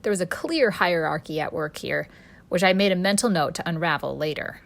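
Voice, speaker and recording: A woman author narrating her own story in first person, expressive and storytelling in tone. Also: on the low side, fairly quick, gravelly. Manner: expressive storyteller, voicing a cheeky street boy.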